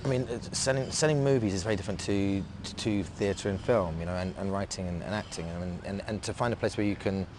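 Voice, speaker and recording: An English man, an actor being interviewed, talking in a halting, reflective way with many restarts. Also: sits low, noisy background. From England. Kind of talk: casual interview talk.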